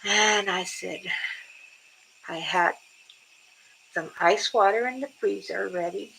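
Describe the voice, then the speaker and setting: A woman's voice: mid-range voice, takes it slowly, vocal fry, fairly bright tone, a little hiss or hum, low-quality recording. An older woman chatting casually with viewers on a livestream, telling rambling stories and laughing often. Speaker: livestream host.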